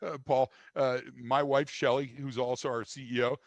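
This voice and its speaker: A man's voice: mid-range voice, flat delivery, normal speed, no room sound. Blunt older man with a dry sound. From United States. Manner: blunt, emphatic, frequent restarts and fillers. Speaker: guest. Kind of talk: conversational interview.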